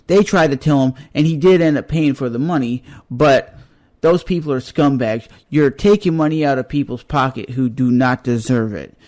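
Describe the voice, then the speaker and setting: A man's voice: medium pitch, a little mellow. A man vlogging a blunt, exasperated rant straight to the camera, swearing freely. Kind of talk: ranting monologue to camera.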